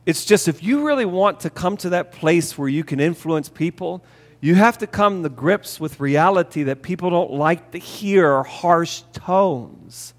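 A man's voice: sits high, lively intonation, normal speed. A man preaching a sermon as a pastor, speaking earnestly and repeating key phrases for emphasis. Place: church sanctuary. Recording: long reverb of a church hall. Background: hall reverb.

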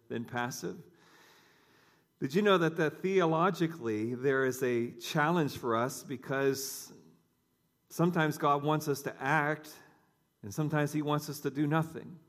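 Conversational male preacher, slightly high voice. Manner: conversational storytelling, addresses the congregation. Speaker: pastor. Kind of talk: sermon.

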